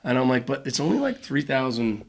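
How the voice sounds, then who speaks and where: A man, a podcast guest, telling a story in a casual, animated way, with quick bursts of speech and lots of fillers. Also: mid-range voice, creaky, slightly rough. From Cayman Islands.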